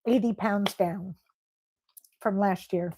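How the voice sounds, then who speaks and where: A woman's voice: medium pitch, fairly even intonation, takes it slowly, a little mellow, slight background noise. A woman hosting a casual live stream, reading viewer comments aloud and answering them with gushing, emotional praise. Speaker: livestream host.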